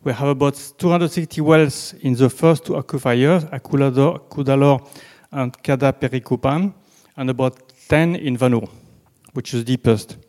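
French guy lecturing off slides, halting, lots of uh and restarts, medium voice. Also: medium pitch, a little mellow. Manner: halting, many restarts and fillers, deliberately slow. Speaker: presenter on groundwater.

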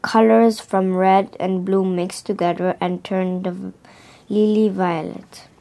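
A woman reads a children's storybook aloud very slowly and carefully, often stumbling over words and restarting them. Her voice is at an ordinary pitch, with a steady tone that's gravelly yet mellow.

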